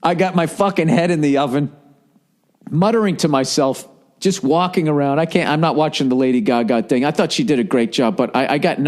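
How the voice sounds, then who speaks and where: A man, talking in a rambling, profane, animated monologue as a podcast host. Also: fairly high pitch. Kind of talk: casual monologue.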